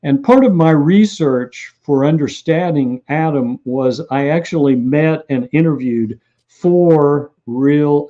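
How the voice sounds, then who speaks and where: A man, an author being interviewed, telling lively stories and acting out what people said. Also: mid-range voice, dull audio. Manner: animated anecdotal storyteller who acts out quotes. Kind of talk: interview storytelling.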